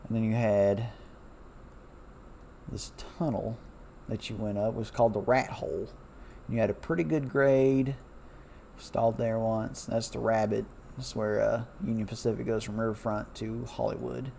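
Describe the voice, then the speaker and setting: Man, former railroad hand; gravelly low-key voice, loose rambling delivery with lots of fillers. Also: steady tone, normal speed, dark tone, a little hiss or hum. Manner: loose and chatty, many fillers, self-correcting. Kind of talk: casual rambling talk over a map.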